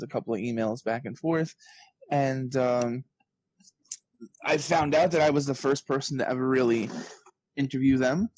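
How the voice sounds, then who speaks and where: A man in his early thirties, a guest telling stories in a casual interview, lively and full of "like" fillers. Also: mid-range voice, no room sound. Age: early 30s. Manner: animated storyteller, heavy on "like" fillers. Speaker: guest, author and journalist.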